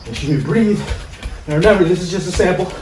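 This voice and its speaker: Man, fitness coach, energetic short commands, slightly high voice, distant echoey mic, crickets and insects chirping behind. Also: fast. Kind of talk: live workout coaching. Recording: far-off mic with echo and insect noise.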